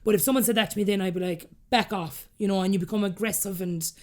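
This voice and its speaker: A podcast guest from Ireland, a woman in her thirties with a mid-range voice, talks very fast. She tells her story in a lively, candid, animated way, slipping into the voices of the people she quotes.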